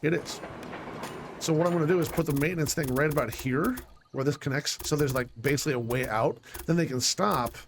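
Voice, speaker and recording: A man's voice: fairly high pitch, brisk, background noise. Man muttering through gameplay, frustrated. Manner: thinks aloud, self-directed and frustrated, with mild swearing. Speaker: let's play gamer. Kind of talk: casual gameplay commentary.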